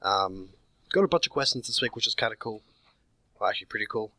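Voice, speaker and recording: A man's voice: lowish voice, animated, quick pace, gravelly, sharp tone, no echo. A man co-hosting a casual podcast, speaking hesitantly with many ums. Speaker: podcast co-host. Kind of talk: casual chat.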